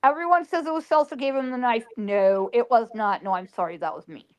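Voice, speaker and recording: A woman's voice: on the high side, brisk, smooth. A woman psychic, telling an emotional past-life story and quoting the people in it. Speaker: psychic guest.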